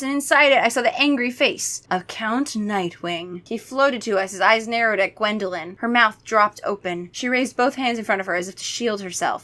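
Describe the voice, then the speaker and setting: A woman's voice: mid-range voice, normal speed, pushed and bright. A woman reading a children's horror book aloud for comedy, breaking off into sarcastic, swearing asides. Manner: sarcastic, swears, shifts between reading and riffing.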